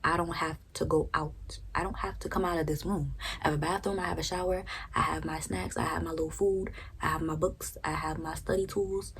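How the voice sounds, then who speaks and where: A woman's voice: deep voice, steady tone, a little fast, gravelly, few pauses, fairly bright tone, a little hiss or hum. A young woman casually telling a personal story, frank and profane, often checking in with "right?". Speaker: storytime vlogger.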